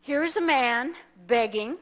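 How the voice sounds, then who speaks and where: A woman pastor with a somewhat high voice tells a story from the pulpit. She is animated and acts out the people in the story as she speaks. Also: a little slow. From United States. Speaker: minister. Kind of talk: sermon storytelling. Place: church sanctuary.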